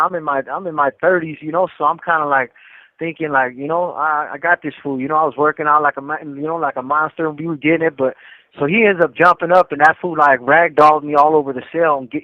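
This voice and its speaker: A middle-aged man telling a rough prison story in a quick, profane, filler-heavy way on a live call-in show. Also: a little high, no room sound. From California. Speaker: co-host. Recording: tinny phone line, dry.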